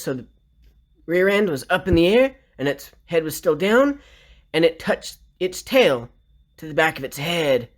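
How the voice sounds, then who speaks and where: Here a Southern US storyteller, his voice fairly high and fairly bright, casually swaps jokes and funny tales. He's playful, mimicking noises such as a cat's purr.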